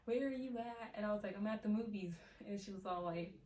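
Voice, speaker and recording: A woman's voice: medium pitch, fast, darkish tone, roomy sound, far from the mic. A teenage girl telling a storytime in a rambling, chatty way, full of fillers. Her voice bounces around a small room and sits a little back from the mic. A faint hiss hangs under it. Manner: chatty, many fillers, laughs often. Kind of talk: casual storytime.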